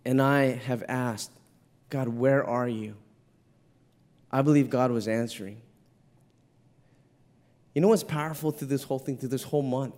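A middle-aged man, a pastor preaching a heartfelt sermon, earnest, stumbling and repeating words as he tells a personal story. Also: darkish tone. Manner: earnest, repeats words when moved, rises to an impassioned pitch in the story.

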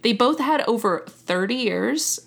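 A woman's voice: a little high, lively intonation, measured pace, creaky. A young adult woman hosting a casual chat, telling a story with frequent self-corrections and laughing at her own slips. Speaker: podcast host.

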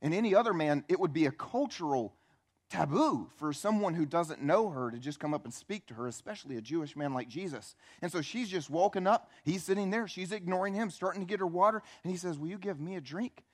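This pastor's sermon tells the story with animated, conversational energy, with quotes acted out and questions posed to the audience. His pitch is fairly high and his pace brisk.

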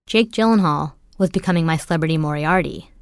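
Wry lower-voiced woman narrating a podcast. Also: quick pace, clean tone, dry recording. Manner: wry, dry humor. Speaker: podcast host. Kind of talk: scripted narration.

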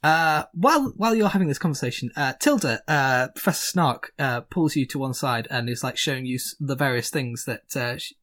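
A man's voice: medium pitch, animated, fairly quick, few pauses, a bit bright. A man narrating a tabletop game as game master, full of fillers and hesitations.

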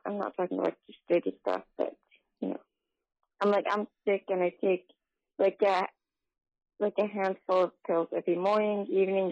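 A woman's voice: mid-range voice, vocal fry, a little mellow, no echo. A woman calling in to a show and telling a story over the phone, rambling and full of fillers. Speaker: caller. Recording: dull phone line.

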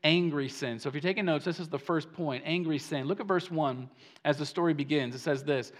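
A man preaching a sermon as pastor, animated and emphatic, often repeating words as he starts a phrase. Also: on the high side, a little fast. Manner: animated preaching, swings between hushed and emphatic.

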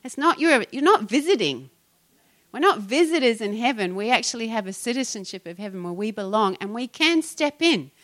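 Woman, New Zealand accent, bright voice, chatty pastor, laughs often, middle-aged. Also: a little high, expressive, brisk. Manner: chatty, laughs often, trails off mid-sentence. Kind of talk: casual Christian podcast talk.

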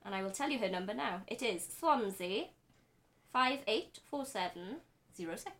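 A woman co-hosting a casual podcast chat, breezy and quick to laugh. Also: mid-range voice, expressive, a bit bright. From Wales. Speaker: podcast co-host.

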